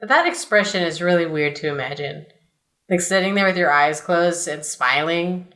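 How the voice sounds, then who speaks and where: A woman's voice: fairly low pitch, a bit bright. A woman co-hosting a podcast, chatting casually and giggling at the story. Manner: giggly, quick reactions. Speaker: co-host. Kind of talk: casual chat.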